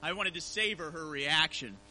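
Bright, high-voiced male pastor. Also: moderate pace, slight background noise, low-quality recording. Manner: storytelling, conversational with scripture reading. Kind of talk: sermon.

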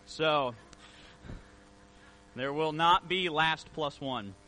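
A man preaching a sermon, telling a personal story in a relaxed, conversational way before reading scripture aloud. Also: fairly high pitch, drawn-out words, slight background noise, rough recording. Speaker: pastor.

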